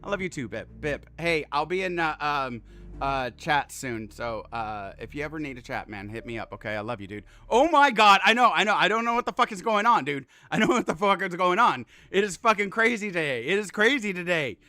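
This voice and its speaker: A man streaming a game, chatting casually and excitedly, swearing often, laughing and thanking viewers warmly. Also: fairly high pitch, brisk, dry recording. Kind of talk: casual live-stream chat.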